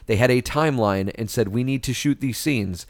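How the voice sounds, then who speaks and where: A man co-hosting a film review podcast, chatting casually and giving measured opinions with hesitant fillers. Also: medium pitch, no echo. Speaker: podcast co-host reviewing films. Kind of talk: casual chat.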